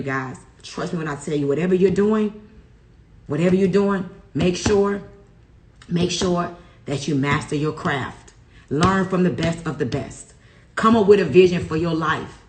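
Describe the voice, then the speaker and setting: A woman hosting a wellness livestream, speaking affirmations and a motivational pep talk in an emphatic, preacher-like cadence. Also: on the low side. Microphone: livestream to a large online audience. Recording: roomy echo.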